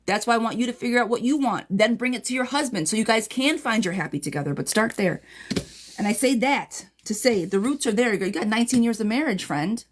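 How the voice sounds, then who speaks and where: A woman tarot reader in a casual live-stream replay, answering viewers' questions in a blunt, chatty way and calling them girl and friend. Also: mid-range voice.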